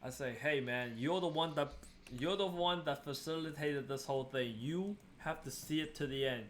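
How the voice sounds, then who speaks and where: A man's voice: fairly high pitch, moderate pace, a little hiss or hum. A young man venting about being swindled while he plays a game, in casual, exasperated commentary. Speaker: gaming streamer.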